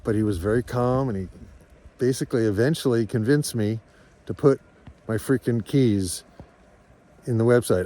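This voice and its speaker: A man's voice: lowish voice, moderate pace, long pauses, dark tone. A man telling a candid personal story in a rambling, earnest and reflective way, as a farm vlogger.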